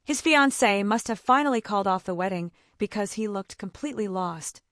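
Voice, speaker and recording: A woman telling a dramatic first-person family story in a measured way. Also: medium pitch, lively intonation, a bit bright, dry recording, studio quality.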